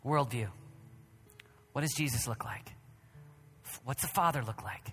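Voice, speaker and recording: A man preaching a sermon at a conference, emphatic and repetitive, swinging between loud declarations and hushed whispers. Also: medium pitch, moderate pace, long reverb tail, faint music behind. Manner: emphatic, repeats phrases.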